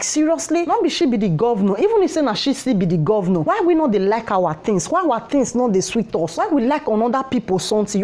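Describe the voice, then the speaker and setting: A woman's voice: a little high, darkish tone. A woman vlogger from Nigeria with a Nigerian Pidgin English accent, pleading and preaching to her viewers with rhetorical questions. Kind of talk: impassioned commentary.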